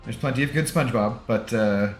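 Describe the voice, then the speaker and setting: With a brisk, mid-range voice, an American man chats loosely with his viewers during a gaming stream. He laughs frequently and wanders off on self-mocking tangents. Faint music drifts through the echoey room.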